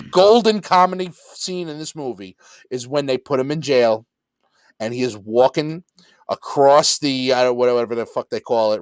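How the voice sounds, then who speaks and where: A man co-hosting a podcast, excitedly retelling movie scenes with lots of swearing and laughter. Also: medium pitch, no echo. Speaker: podcast co-host. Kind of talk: casual movie chat.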